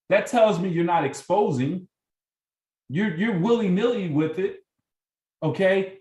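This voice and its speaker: A man's voice: high voice, roomy sound, recorded from a distance, low-quality recording. A man leading a sales team training, coaching with energy and acting out sample phone calls. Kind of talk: motivational training talk.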